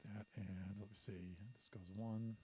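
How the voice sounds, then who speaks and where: A man's voice: lowish voice, flat delivery, normal speed, mellow, a little hiss or hum. A man streaming a building game, counting blocks aloud and talking to himself as he works. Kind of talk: casual commentary while building in a game.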